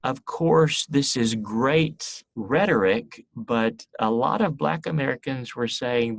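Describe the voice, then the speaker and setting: A man's voice: mid-range voice, lively intonation, slow pace, dry recording. A man teaching a history class in a recorded lecture, explaining step by step with frequent fillers and restarts.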